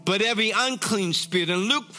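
A man preaching with a high, bright, forceful voice. He reads scripture and keeps stopping to comment and exclaim in fervent praise. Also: fairly quick, soft background music. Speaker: pastor. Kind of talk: sermon, reading scripture with commentary.

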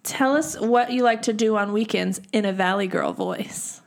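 A woman hosting a casual chat, giggly and firing off quick questions. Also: medium pitch, gravelly. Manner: giggly, asks rapid-fire questions. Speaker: podcast host.

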